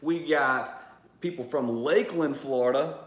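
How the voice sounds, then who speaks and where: A laid-back, joking man hosts a casual livestream chat, telling stories at a mid pitch. His voice echoes around a roomy space. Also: a little slow, crowd noise. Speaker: show host. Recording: echoey room.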